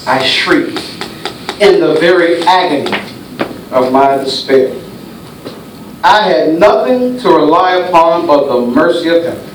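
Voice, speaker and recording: High-voiced preacher man in echoey church. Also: lively intonation, unhurried, pauses often. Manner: dramatic storytelling preaching, swinging between hushed and shouted. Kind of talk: sermon. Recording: echoey church hall from far off, faint hiss.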